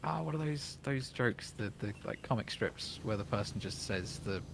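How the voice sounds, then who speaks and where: A man with a London accent and a fairly low, gravelly voice chats casually while streaming a co-op game, animated and at normal speed. Over a noisy background, he reads out jokes and greets viewers.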